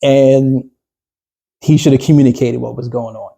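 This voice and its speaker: A business coach talking a small group through a workshop, loose and conversational with plenty of fillers and restarts. His voice is husky and dark, sitting at a middle pitch, and he keeps turning questions back to the room. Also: fairly even intonation, moderate pace.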